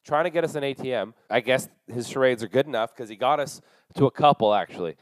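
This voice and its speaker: A young man hosting a podcast, telling a long profane story in a casual, animated way and acting out the dialogue. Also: mid-range voice, fast, dry recording, rough recording. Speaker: podcast host.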